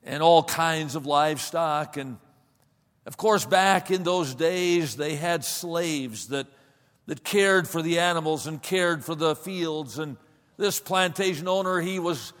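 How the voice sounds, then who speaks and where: A man preaching, telling a story dramatically, swinging between loud passages and hushed ones, recorded with a long hall reverb. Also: fairly high pitch, takes it slowly. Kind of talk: sermon storytelling.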